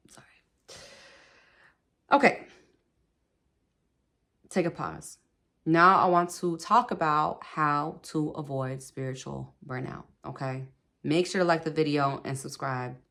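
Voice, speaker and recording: Woman host, low voice, relaxed chatty spiritual pep talk to her viewers. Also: creaky. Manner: chatty, laughs often, repeats "okay", speaks to viewers directly. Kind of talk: casual spoken advice.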